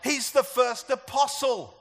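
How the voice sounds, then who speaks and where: A man's voice: very high-pitched, measured pace, fairly bright tone. A man preaching a sermon to a church gathering, talking conversationally and asking the congregation questions. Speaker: pastor.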